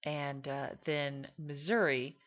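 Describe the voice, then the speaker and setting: Woman, low voice, slow and hesitant, casual explainer, dull lo-fi sound. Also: steady tone. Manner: hesitant, many fillers, demonstrates accents. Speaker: teacher explaining regional accents. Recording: dull lo-fi recording.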